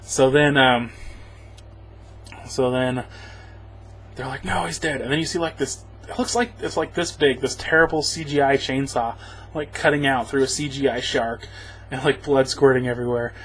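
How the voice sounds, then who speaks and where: A man's voice: medium pitch, steady tone, normal speed, long pauses, a little hiss or hum. A man giving a rambling, sarcastic spoken movie review, chuckling as he goes. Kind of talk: casual spoken film review.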